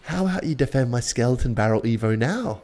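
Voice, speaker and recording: A young man giving casual, sarcastic play-by-play of his own match, boastful and quick to swear. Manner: cocky, sarcastic, swears a lot, lively pitch swings. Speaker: gaming content creator. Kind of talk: live gameplay commentary.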